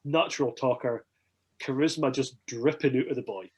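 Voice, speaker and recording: A young Scottish man spins a long, rambling anecdote in casual chat, animated and swearing freely. His voice has a husky, slightly breathy edge at a middling pitch. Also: moderate pace. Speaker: podcast guest. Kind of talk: casual storytelling.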